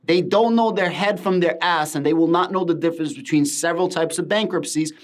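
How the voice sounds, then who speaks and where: A man's voice: fairly high pitch, fairly even intonation, a little fast. A man talking through a finance topic on his channel in an emphatic commentary style, repeating words for stress. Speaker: crypto finance YouTuber. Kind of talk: casual commentary to camera.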